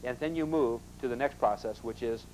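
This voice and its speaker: A man's voice: medium pitch, a little fast, darkish tone, slight background noise, rough recording. A man teaching a live investment seminar in a classroom, emphatic and constantly asking the audience rhetorical questions.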